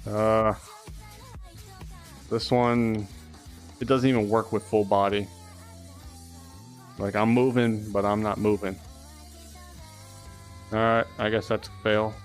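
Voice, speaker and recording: A man's voice: on the low side, level tone, slow, pauses often, faint music behind. A young man chatting casually and rambling on a live stream, swearing often.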